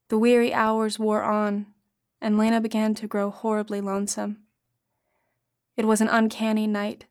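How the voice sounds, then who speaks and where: A woman narrating a classic short story in a measured, expressive reading. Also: medium pitch. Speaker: audiobook reader.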